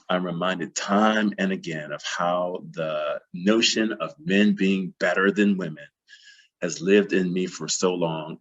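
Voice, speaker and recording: Deep, husky man giving an impassioned keynote. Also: fairly bright tone, muffled recording. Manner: passionate, emphatic, repeats phrases for emphasis. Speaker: plenary speaker. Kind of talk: conference keynote talk.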